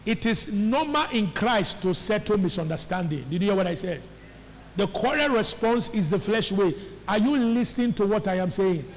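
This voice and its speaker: A man preaching from the pulpit, pressing the congregation with repeated questions. His voice sits high for a man. A long hall reverb and faint room noise trail behind him. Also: lively intonation, normal speed. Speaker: pastor. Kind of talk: sermon. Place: church hall. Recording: faint echo of a large church hall.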